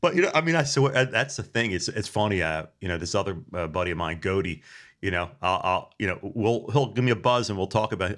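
Laid-back low-voiced Philly-man. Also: expressive, quick pace, a bit bright. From Delaware County, Pennsylvania. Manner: laughs often, rambling with restarts. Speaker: podcast host. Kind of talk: casual chat.

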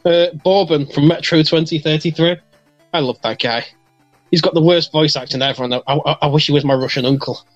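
A man hosting a casual podcast chat, jokey and animated, laughing often. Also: a little high, a little fast, highs cut off, soft background music. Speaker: podcast host.

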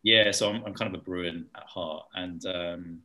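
A young man from England in casual chat, telling animated anecdotes and now and then mimicking other people's voices. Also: low-pitched, moderate pace. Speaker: guest.

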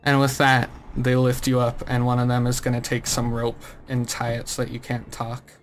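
A man in a relaxed, loose, filler-heavy way, narrating as game master of a tabletop game. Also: mid-range voice, normal speed, faint music behind.

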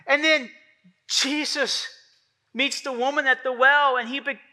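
A man's voice: very high voice, fairly even intonation, a little slow, sharp tone. A man preaching a sermon as pastor, talking conversationally and acting out the voices he quotes.

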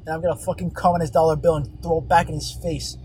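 Young guy venting on his phone while driving, slightly higher voice, rambling and cursing, faint car noise underneath. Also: little pitch movement, fast talker, a little mellow, low-quality recording. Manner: profane, exasperated, rambling. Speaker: fast-food worker. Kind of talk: profane storytime rant. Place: car on a highway. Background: vehicle noise.

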